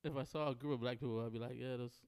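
A man's voice: medium pitch, fairly even intonation, racing, darkish tone, clean tone. A man co-hosting a podcast in casual chat, laid-back and teasing, and laughing easily. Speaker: podcast co-host.

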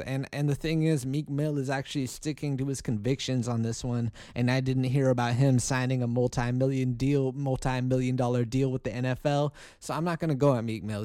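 A man's voice: medium pitch, mellow, no room sound. A man hosting a solo podcast, ranting in a heated, profane way with many restarts, and he says he is angry. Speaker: podcast host.

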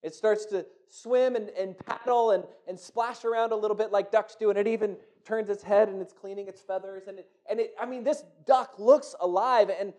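A man telling a folk tale aloud, animated and often repeating words as he goes. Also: high voice, normal speed, hardly any pauses. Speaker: storyteller. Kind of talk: oral storytelling.

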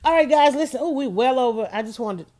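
Preachy woman talking to her audience, emphatic, slightly high voice, loops back on her points. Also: animated, fast talker, warm tone. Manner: emphatic, preachy, repeats phrases. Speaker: host. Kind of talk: casual motivational talk.

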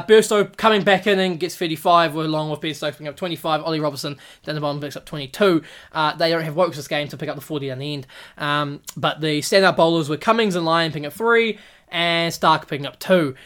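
Excitable, profane man recapping cricket. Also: a little high. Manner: excitable and profane, acts out players in mock voices. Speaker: podcast host.

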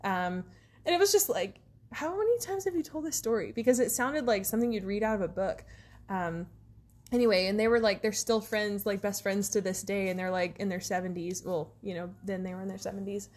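A woman's voice: medium pitch, fairly quick, a little mellow. A woman co-hosting a podcast, telling stories in casual chat with lots of fillers and restarts. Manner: rambling storyteller, many fillers. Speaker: podcast co-host.

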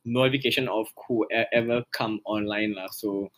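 A man's voice: on the low side, steady tone, normal speed. A young Singaporean man chatting casually on a podcast, rambling in a laid-back way.

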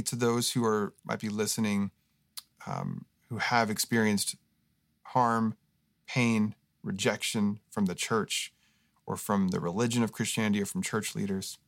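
A man's voice: lowish voice, creaky, no room sound. A man as a guest pastor in a podcast interview, telling a story earnestly and with animation. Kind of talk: casual interview talk.

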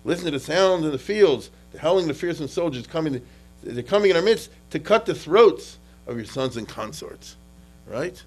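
Brief: male lecturer in a classroom, lively and chatty, acts out quotes, restarts often. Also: on the high side, moderate pace, faint music behind, low-quality recording. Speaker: history lecturer. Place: lecture room with students.

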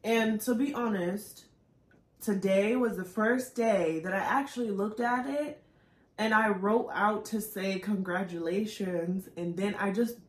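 A woman talks openly on a podcast, her voice tearful and searching, often restarting her thoughts. Her pitch sits in an ordinary middle range. The sound carries a noticeable roomy echo. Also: unhurried. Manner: open, searching, with frequent fillers and restarts. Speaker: podcast co-host. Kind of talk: candid emotional podcast talk.

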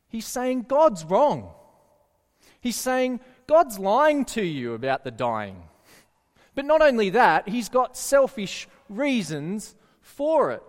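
A man preaching a sermon earnestly, often putting questions to his listeners. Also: high-pitched. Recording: echoey hall reverb.

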